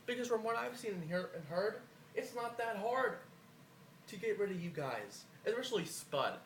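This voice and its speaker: A man's voice: high-pitched, sing-song, normal speed, creaky, a little hiss or hum. A man cutting a boastful, profane wrestling promo, his voice a bit worn. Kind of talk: trash-talking wrestling promo. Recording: echoey room, faint ambience.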